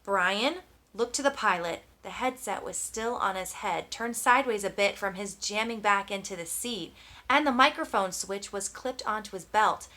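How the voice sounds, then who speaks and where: A woman's voice: medium pitch, moderate pace, pushed and bright. A woman narrating an audiobook with tense, dramatic storytelling. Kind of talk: scripted narration.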